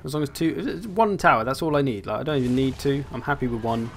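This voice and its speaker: A man's voice: medium pitch, quick pace, creaky, slight background noise. A young man giving casual, wry commentary as he plays a strategy game, thinking aloud as he goes. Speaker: gaming channel host.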